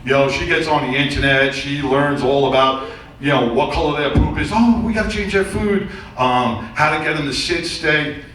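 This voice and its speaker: This middle-aged comedian delivers loose, rambling stories with crude punchlines from a theater stage to a live audience. His mid-range voice has fairly even intonation, a moderate pace and a fairly bright tone. The recording is very echoey and distant, with some faint noise.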